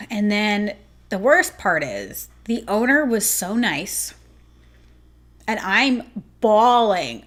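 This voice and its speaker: A woman's voice: mid-range voice, big pitch swings, a bit bright. A woman who owns a grooming salon, telling a story in an emotional, casual way with many "like"s. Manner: emotional, fast-shifting retelling with many "like"s. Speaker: grooming salon owner and host.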